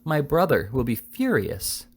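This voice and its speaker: A man's voice: a little high, wildly swooping pitch, unhurried, slightly rough, voice pushed up, full character voice. A man reading aloud, voicing an agitated older spinster aunt who is easily upset. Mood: distraught. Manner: indignant, plaintive.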